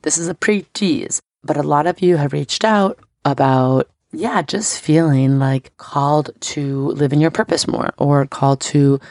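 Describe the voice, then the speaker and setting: Woman podcast host, thirties, bubbly and chatty, gravelly fry, dry close mic. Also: low voice, a little slow, few pauses, a little mellow, no room sound. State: scratchy voice. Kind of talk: casual podcast chat.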